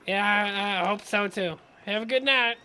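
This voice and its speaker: A woman's voice: medium pitch, normal speed, bright, forceful tone, smooth, lightly acted. A woman playing an easygoing, crude young drifter looking for her father.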